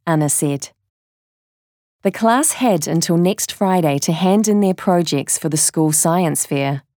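Woman narrator for a children's storybook. Slow, measured, close and dry. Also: on the low side, warm tone, dry recording.

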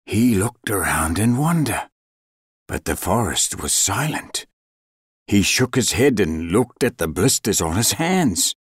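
A man reading a legend aloud as storybook narration, slow and expressive with dramatic pauses. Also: fairly low pitch, husky, no room sound, clean studio sound.

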